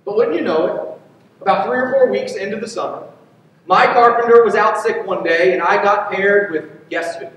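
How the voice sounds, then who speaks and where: A man's voice: high voice, moderate pace, a bit bright. A man preaching a sermon as a pastor, telling a personal story in an earnest way. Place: church sanctuary. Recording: echoey hall from far off.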